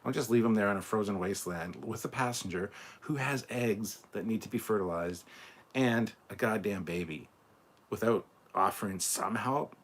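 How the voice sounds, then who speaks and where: A man's voice: lowish voice, breathy edge. A Scottish man hosting a casual live reaction stream, reading out viewer comments in a laid-back, chatty way and swearing freely. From Scotland.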